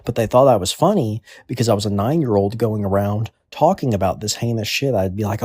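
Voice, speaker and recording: A man's voice: lowish voice, animated, a little fast, few pauses, darkish tone, slightly rough, dry recording, clean studio sound. A man in his twenties delivering a crude comedic monologue in a rambling, offhand way. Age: 20s. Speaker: comedic storyteller.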